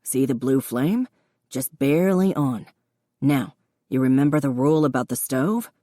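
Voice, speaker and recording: A woman's voice: very deep voice, moderate pace, no echo, clean studio sound. A woman narrator voicing a patient, encouraging young man who teaches cooking to a friend in an audiobook. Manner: patient, encouraging, gently instructive.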